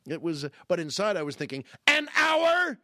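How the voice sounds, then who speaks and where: A middle-aged man with a slightly high voice hosts a podcast monologue. He tells comic stories from his own life in a wry, lively, mock-exasperated way. He stumbles over repeated words, and the close, dry sound has no room echo. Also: fast. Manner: animated, wry, mock-exasperated, stammering restarts. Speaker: podcast host.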